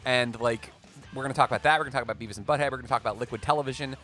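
A man co-hosting a casual podcast chat, rambling and excitable, quick to joke about himself. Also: medium pitch, faint music behind. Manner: rambling, excitable, self-deprecating. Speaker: podcast co-host.

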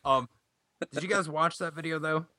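A man's voice: fairly high pitch, normal speed, background noise. A man on a podcast in casual chat, chiming in with short, offhand remarks.

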